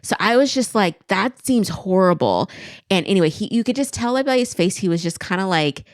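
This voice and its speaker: A woman's voice: mid-range voice, lively intonation, quick pace, no room sound, studio quality. A woman in her forties co-hosting a podcast, telling a rambling, self-deprecating story in a casual chat full of "like". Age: 40s. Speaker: podcast co-host.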